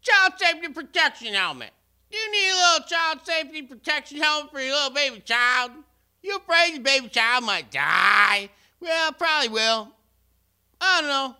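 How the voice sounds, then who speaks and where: A man voicing a crass, shouting pitchman in a parody radio ad, with a loud, crude, rambling sales pitch. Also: animated, moderate pace, full character voice. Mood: pushy.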